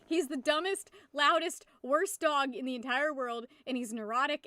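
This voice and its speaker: A woman's voice: sits high, moderate pace, sharp tone, no echo, studio quality. A young woman in her twenties streaming, chatting casually with viewers in a rambling, giggly way and swearing freely. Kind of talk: casual live-stream chat.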